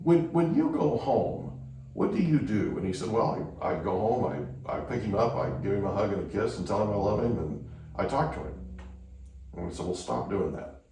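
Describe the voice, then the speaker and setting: A man's voice: low voice, a little fast, darkish tone, very echoey, recorded from a distance, a little hiss or hum, poor audio. A male podcast host telling anecdotes in a casual chat, often checking in with the listener by asking "right?".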